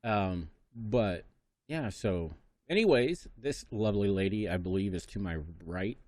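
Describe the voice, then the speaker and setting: A man's voice: on the low side, animated, a little slow, a little mellow, dry recording. A man hosting an interview show, rambling with lots of fillers and laughing easily. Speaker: podcast host. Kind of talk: casual interview chat. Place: studio.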